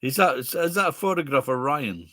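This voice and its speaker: A man's voice: mid-range voice, expressive, fairly quick, sharp tone, dry recording, clean studio sound. A man in his sixties with a Sheffield accent, hosting a livestream in casual chat, bluntly answering viewers' questions and swearing freely. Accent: Sheffield English. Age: 60s. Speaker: livestream host reading viewer comments.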